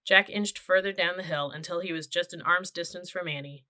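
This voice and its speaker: Narrating a children's chapter book for an audiobook, a woman speaks a little fast in a steady, clear storytelling manner. Her slightly low voice has a bright, forward tone.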